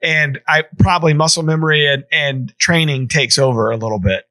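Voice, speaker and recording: A man hosting a podcast interview, chiming in with quick reactions and follow-up questions. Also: fairly high pitch, sharp tone, no echo. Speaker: podcast host. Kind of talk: casual interview. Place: podcast studio.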